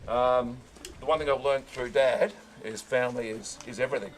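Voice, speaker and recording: A man's voice: mid-range voice, steady tone, normal speed, a little hiss or hum. A man, giving a loose, self-mocking birthday speech. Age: 60s. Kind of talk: party speech. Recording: busy party crowd loud behind.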